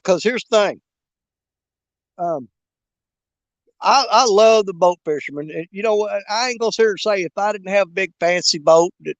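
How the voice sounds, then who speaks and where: High-voiced fishing streamer. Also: male voice, no room sound. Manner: folksy, joking, rambling with fillers. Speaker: fishing livestream host. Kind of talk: casual live chat while bank fishing. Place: outdoors on a riverbank at dusk.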